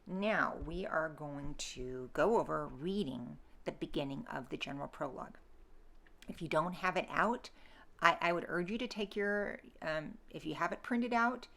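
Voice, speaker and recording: A woman's voice: sits low, creaky, a bit bright. A woman lecturing students on Middle English pronunciation, patiently demonstrating sounds and checking in with a frequent okay. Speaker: literature instructor.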